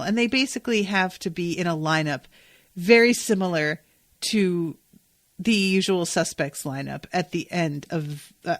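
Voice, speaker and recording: A woman's voice: mid-range voice, fairly bright tone, no echo, studio quality. A woman hosting a podcast, recapping a TV episode in a chatty, gushing way and swearing freely. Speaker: podcast host.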